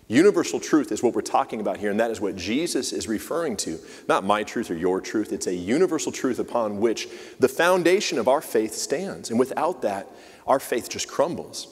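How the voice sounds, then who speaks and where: Conversational male preacher in a reverberant church. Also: lowish voice. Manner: conversational, asks the congregation questions. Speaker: church leader giving the message. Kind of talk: sermon. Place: church sanctuary.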